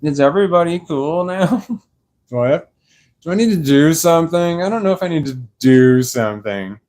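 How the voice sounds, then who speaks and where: A young man rambling slowly on a live stream from his sofa, tired and a little slurred, laughing often. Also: fairly high pitch, animated, a little mellow. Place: dark room on a sofa at home. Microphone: clip-on microphone.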